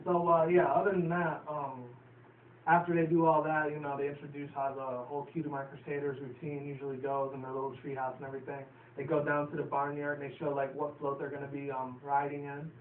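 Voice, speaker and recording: A man from New York City recaps a cartoon episode as a show reviewer, speaking briskly and flatly in a higher voice. He rambles chattily with lots of fillers and swearing, in a tinny, roomy, distant recording with faint hiss.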